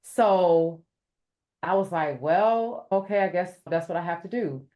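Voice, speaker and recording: Tamu wanita, suara agak rendah, bercerita hidup dengan menirukan ucapan orang lain. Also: female voice, fairly low pitch, a little slow, muffled recording. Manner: animated, raising her voice to act out quoted speech; addresses listeners as "y'all". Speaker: podcast guest. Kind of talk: storytelling in an interview.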